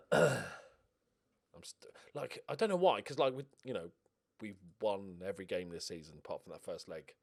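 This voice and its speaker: A man giving casual gaming commentary as a streamer, getting excited and swearing as he cheers on his team. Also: lowish voice, normal speed, creaky. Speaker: game streamer.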